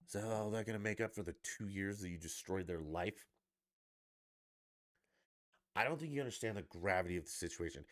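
A low-pitched man rants through a political podcast monologue. He talks bluntly and sarcastically and swears freely. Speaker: podcast host. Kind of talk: angry political rant.

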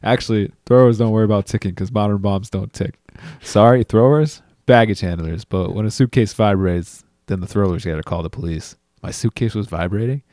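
A man's voice: lowish voice, fairly quick, few pauses, mellow, dry recording, studio quality. A man co-hosting a podcast, chiming in with jokes and quoted lines in casual chat. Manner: joking interjections, quoting lines. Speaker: podcast co-host.

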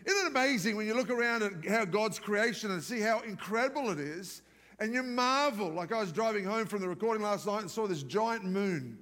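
A male pastor with a notably high voice gives a live sermon, talking to the congregation in a lively, conversational way and slipping in humorous asides. His voice rings out with the long reverb of a large church hall. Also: a little fast. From outside the United States.

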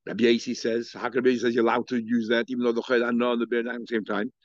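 A man's voice: mid-range voice, monotone, rapid-fire, no room sound. A man with a Yeshivish English accent teaches a page of Talmud. He thinks aloud, full of fillers and restarts. The recording is dull and lo-fi, and dry with no room sound. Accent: Yeshivish English, Hebrew and Aramaic terms mixed in. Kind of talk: daily Talmud lecture.

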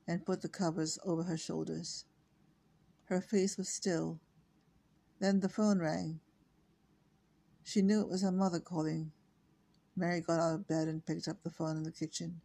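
Older Irish-born woman reading, gravelly and flat. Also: on the low side. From Ireland. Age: 60s. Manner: halting, self-correcting reading. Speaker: storyteller reading her own novel. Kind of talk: slow unpolished reading aloud.

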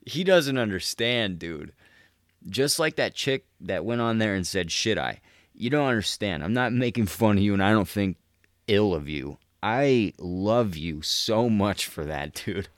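A man's voice: on the low side, expressive, a little slow, dry recording, studio quality. A young man hosting a podcast, telling a story in a loose, profane, laid-back way, full of "dude" and laughter. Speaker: podcast host. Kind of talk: casual podcast monologue.

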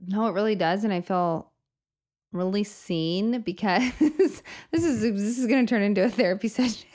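A woman's voice: mid-range voice, moderate pace, darkish tone. A woman hosting a podcast, chatting casually and reflectively about faith, often laughing as she talks. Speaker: podcast host.

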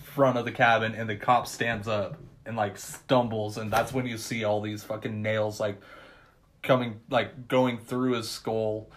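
A man in casual chat, retelling a movie scene by scene with lots of swearing and quick acted-out quotes. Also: lowish voice, slight background noise. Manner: excited, profane storytelling with quick acted-out quotes. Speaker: podcast co-host.

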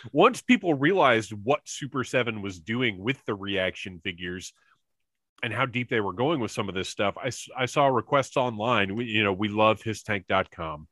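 An excitable man chats and laughs easily as co-host of a casual show over a remote call. His voice is bright and forward, and the sound is close and dry. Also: fairly low pitch, dry recording. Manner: excitable, chatty, quick to laugh. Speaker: podcast co-host. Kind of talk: casual chat about a cartoon.

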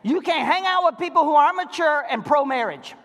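A middle-aged pastor preaching a sermon to married couples, firing rhetorical questions and acting out voices. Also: male voice, extremely high pitch, animated, fairly quick, fairly bright tone. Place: church sanctuary. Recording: reverberant church hall.

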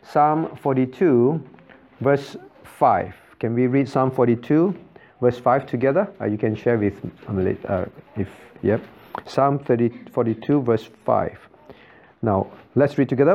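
A man preaches in a middle-pitched voice, pressing his points by repeating short phrases and turning questions back to his listeners. He speaks as a pastor addressing his congregation. The recording is a little dull and muffled. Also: measured pace. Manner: asks the congregation frequent rhetorical questions. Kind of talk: sermon.

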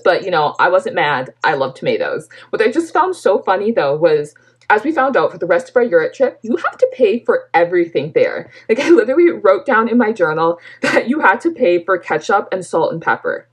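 A woman's voice: mid-range voice, very animated, fairly quick, breathy edge. A young woman from Canada chatting casually, filling her talk with "like" and laughing often. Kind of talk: casual chat.

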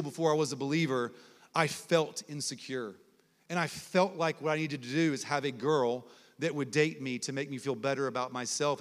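A man preaching to a college crowd, telling lively conversational stories and dropping to soft, low tones for emphasis. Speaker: guest preacher. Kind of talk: sermon with personal stories. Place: large hall at a college ministry gathering. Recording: long hall reverb.

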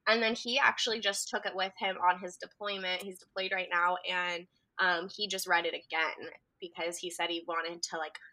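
Giggly bright-voiced young woman. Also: lowish voice, moderate pace, hardly any pauses. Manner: giggly, animated storyteller. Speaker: guest. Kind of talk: casual chat.

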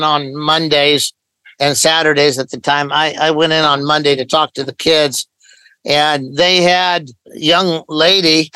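An older man from Idaho speaks in a slightly high, light voice, unhurried and matter-of-fact as he recounts a story. He often quotes other people's dialogue as he goes. The recording is close and dry, with almost no room sound. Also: pushed and bright, smooth, dry recording, low-quality recording. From Idaho, USA. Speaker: pastor, guest. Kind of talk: storytelling in a podcast interview.

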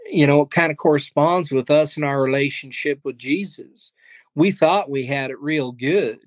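A pastor and guest in a casual interview, speaking in an earnest, faith-driven storytelling way. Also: male voice, fairly high pitch, dry recording. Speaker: pastor and ministry leader, guest.

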